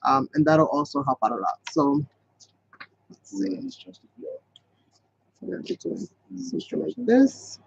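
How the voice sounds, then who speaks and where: A chatty man with a fairly high voice leads a casual live craft tutorial, rambling along as he works. The sound is dull and lo-fi, and the voice comes through dry and close with little room around it. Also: huge pitch swings, unhurried, creaky, long pauses, no room sound. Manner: chatty, rambling, talks to viewers as "you guys". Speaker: craft channel host.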